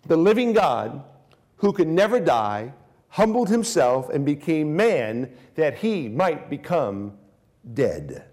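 Male preacher, slow sermon delivery, moves between quiet intensity and loud emphasis. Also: on the high side, sing-song. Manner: swings from hushed, drawn-out phrases to raised emphatic declarations.

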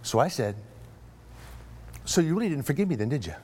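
A middle-aged male pastor tells a story in his sermon, playing both himself and the other man in a phone call. His voice sits a little high and rises and falls a great deal. When he gets excited he stumbles and repeats his words. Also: fairly quick, slight background noise.

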